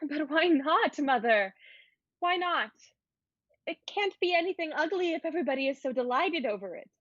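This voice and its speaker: A woman's voice: sits high, lively intonation, normal speed, a bit bright, dry recording. A woman voicing a curious, playful fourteen-year-old girl in an amateur online play reading, teasing and pleading by turns. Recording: dull lo-fi sound.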